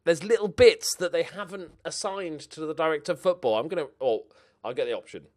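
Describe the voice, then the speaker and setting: A young man giving casual, animated commentary on his own game play, muttering to himself and swearing now and then. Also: fairly high pitch, a little fast. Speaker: gaming commentator.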